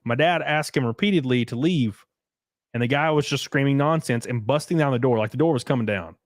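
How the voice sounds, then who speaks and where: A man hosting a podcast, chatting casually and reading out viewer comments, blunt and profane, telling stories with animated energy. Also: mid-range voice, fairly quick, no echo, clean studio sound. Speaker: podcast host.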